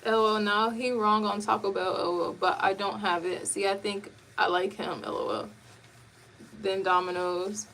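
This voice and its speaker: A woman hosting a casual live chat, telling stories in an animated way and laughing often. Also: mid-range voice, moderate pace. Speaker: host. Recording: distant mic with faint background noise.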